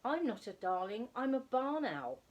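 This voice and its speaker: A woman voicing an eager, excitable little male barn owlet in a storybook reading. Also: moderate pace, dull audio. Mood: cross. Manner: high, eager and loud.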